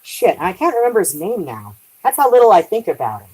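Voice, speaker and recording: A woman's voice: medium pitch, very animated, brisk, a little mellow, breathy edge, low-quality recording. A woman chatting casually on a live stream while doing dishes at home, rambling, trailing off and swearing lightly.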